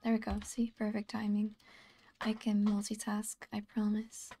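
A woman's voice: medium pitch, monotone, moderate pace, mellow, slight background noise. A tired woman giving casual gameplay commentary, often half-whispering and mumbling to herself. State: sleepy and tired. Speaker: gaming channel host.

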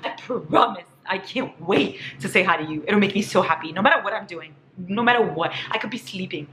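A woman vlogging a casual haul, gushing and excitable, squealing over each item. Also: mid-range voice, a little fast. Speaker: book vlogger. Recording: echoey room with faint hiss.

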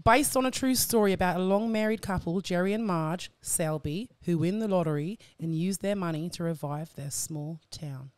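A woman's voice: lowish voice, normal speed, few pauses, darkish tone, natural voice. A woman putting on a jokey Australian accent as a matey character reading a synopsis aloud. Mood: playful. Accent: put-on Australian. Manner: swearing, jokey, calls everyone mate.

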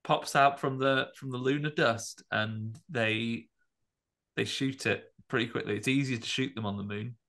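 A man's voice: medium pitch, steady tone, moderate pace, a bit bright. A man co-hosting a podcast, chatting casually and rambling through a film review with jokes. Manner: rambling, jokey, puts on voices in retellings. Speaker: podcast co-host.

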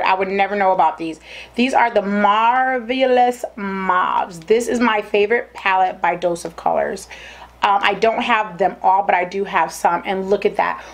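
Excitable lady gushing over makeup, rambly, trips over her words, middle pitch. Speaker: beauty vlogger. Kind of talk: casual product review.

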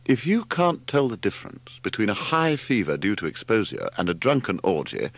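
A man's voice: fairly low pitch, very animated, a little fast. A man reading aloud, voicing a self-important young man who drawls with lofty superiority. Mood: haughty.

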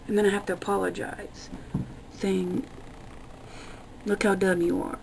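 A young woman vlogging, ranting in an exasperated, profane way with a gravelly voice. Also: mid-range voice, little pitch movement, unhurried, darkish tone, a little hiss or hum, rough recording. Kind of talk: casual ranting vlog.

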